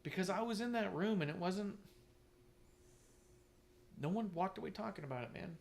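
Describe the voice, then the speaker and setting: A man co-hosting a casual talk stream, animated and profane, who often mimics others in a mocking voice. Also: high voice, normal speed, gravelly, a little hiss or hum. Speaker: podcast co-host. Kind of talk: casual chat. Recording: online stream.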